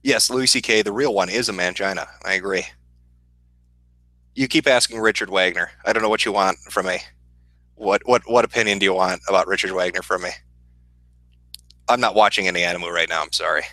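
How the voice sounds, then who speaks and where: Midwestern guy on a stream reading chat, swears a lot, deadpan, dry close sound, kinda low. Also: fairly quick, long pauses, dry recording, rough recording. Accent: Midwestern American. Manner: profane, deadpan, sardonic. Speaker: livestream host answering chat. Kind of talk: casual livestream Q&A.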